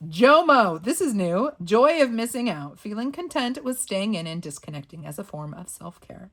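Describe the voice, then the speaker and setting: A woman's voice: medium pitch, very animated, moderate pace. A woman, casually flipping through sticker books and reading the quotes aloud with playful sass and frequent laughs. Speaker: planner and sticker channel host.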